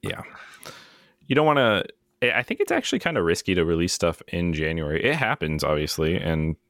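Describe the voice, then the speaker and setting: A man with a very low voice chats easily on a podcast, relaxed and self-deprecating, full of ums and little restarts. The sound is close and dry, with no room around it. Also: brisk, no echo. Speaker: podcast co-host. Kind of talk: casual chat.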